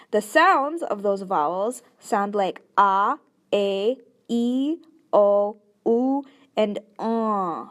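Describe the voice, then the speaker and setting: A woman teaching a language lesson, patiently sounding out syllables one at a time. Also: mid-range voice. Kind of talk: slow instructional explanation.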